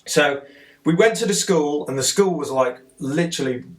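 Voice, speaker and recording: A man, a podcast guest, telling an excited, rambling story in casual conversation, sitting some way off the mic. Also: on the high side, normal speed.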